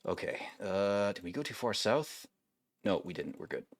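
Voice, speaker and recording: Laid-back low-voiced gaming commentator man. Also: very animated, normal speed, dry recording, clean studio sound. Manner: rambling, laid-back, swears casually. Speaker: gaming video host. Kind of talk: casual let's-play commentary.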